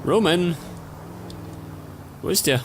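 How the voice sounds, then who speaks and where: Over noisy game audio, a man with a Bavarian accent gives casual let's play commentary, muttering to himself as he plays. His voice is high-pitched and animated, but his pace is slow.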